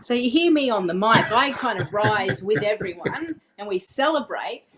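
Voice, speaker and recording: A woman, a former cricketer turned commentator, telling a story in relaxed chat with a lot of ums. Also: mid-range voice, normal speed, over a noisy crowd. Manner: chatty, frequent ums, acts out her own on-air call.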